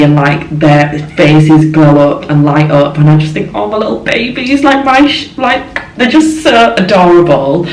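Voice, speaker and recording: Young woman vlogger, chatty and emotional, a little gravelly, roomy echo. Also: low voice, a little mellow, a little hiss or hum. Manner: chatty, gushing and emotional, lots of fillers. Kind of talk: casual travel vlog chat. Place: hotel room. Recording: echoey room with faint ambience.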